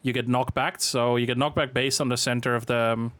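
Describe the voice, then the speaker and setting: A man's voice: medium pitch, fairly quick, no echo. Guy talking thru a boss fight guide, lots of ums and likes, dry close sound. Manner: relaxed, filler-heavy explaining. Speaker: game guide creator. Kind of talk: casual walkthrough of a raid boss.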